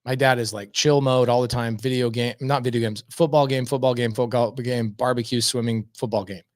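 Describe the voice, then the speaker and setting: A man's voice: medium pitch, steady tone, fairly quick, dry recording, clean studio sound. A man chatting as a podcast guest, telling stories with energy and emphasis, often repeating words for effect. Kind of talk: casual storytelling chat.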